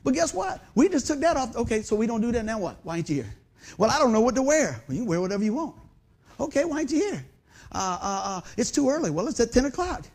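Middle-aged male pastor, high voice that swings all over, animated folksy sermon. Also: quick pace. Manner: animated folksy preaching with rhetorical questions.

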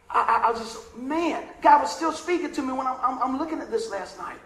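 A man with a high voice tells a story from the pulpit, folksy and heartfelt, asking the crowd for an amen now and then. His voice rings out in a roomy, echoing hall. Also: lively intonation, brisk, fairly bright tone, a little hiss or hum. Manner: emotional, conversational, Southern-tinged storytelling with asides to the congregation. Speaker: preacher. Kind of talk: storytelling sermon.

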